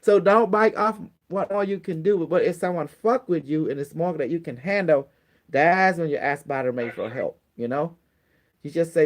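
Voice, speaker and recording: Guy with a slightly high voice teaching a group how to pray, blunt, swears a lot, repeats himself. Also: moderate pace. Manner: acts out prayers in a pleading voice. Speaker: spiritual teacher. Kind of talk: casual spoken teaching to a small group.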